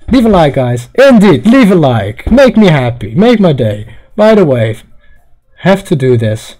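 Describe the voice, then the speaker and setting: A man's voice: on the high side, sing-song, moderate pace, warm tone. A young man casually commenting on a visual novel on a livestream, reading the game text aloud, rambling and joking with some stammering. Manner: rambling, joking, stammering, mock-Russian asides.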